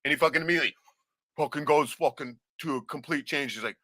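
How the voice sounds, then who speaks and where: A man's voice: medium pitch, quick pace, pushed and bright, no room sound. A man telling stories in casual chat, bluntly and with constant swearing. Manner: swears constantly, blunt storytelling with lots of "right?".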